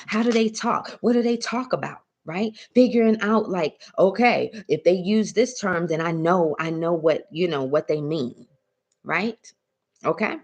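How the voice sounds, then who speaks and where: A woman's voice: lowish voice, darkish tone. A woman coaching a mindset lesson on a live stream, often checking in with "right?" and "okay?" and calling listeners "baby.". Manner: coaxing, calls listeners "baby". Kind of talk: motivational teaching talk.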